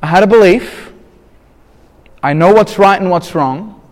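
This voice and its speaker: Man, candid and rambling storyteller, a bit high-voiced, recorded in a reverberant hall. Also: measured pace. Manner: candid, rambling, with many restarts and "blah, blah". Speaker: speaker telling a personal story. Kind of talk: personal storytelling talk.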